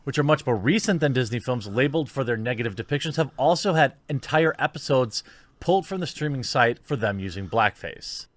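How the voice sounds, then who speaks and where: A man giving video commentary, reasoning in a measured way, played back inside a stream. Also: medium pitch, lively intonation. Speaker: online commentator.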